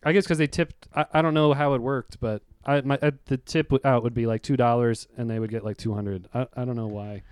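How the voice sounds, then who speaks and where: A man's voice: medium pitch, fairly even intonation, brisk, few pauses, smooth, no echo, studio quality. A man in casual chat, retelling a work story and laughing along. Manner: chatty, laughing, retells stories with quoted voices.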